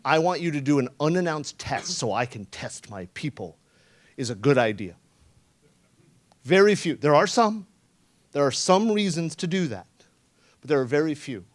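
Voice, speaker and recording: A man giving a conference talk, telling a story in a sarcastic, profane way and acting out the quoted lines. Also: fairly high pitch. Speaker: conference speaker. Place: conference room.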